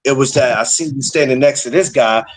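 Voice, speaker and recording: A man, hosting a podcast and telling stories in a loose, animated, swear-heavy way. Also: medium pitch, brisk, poor audio. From the Bronx, New York. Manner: animated storytelling, swears freely, repeats for emphasis. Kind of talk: casual chat.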